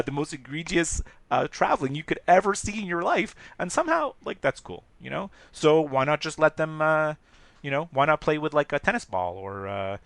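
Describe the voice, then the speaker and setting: A man co-hosting a casual sports podcast, talking in an animated, rambling way and laughing often. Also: a little high, dry recording. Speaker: podcast co-host.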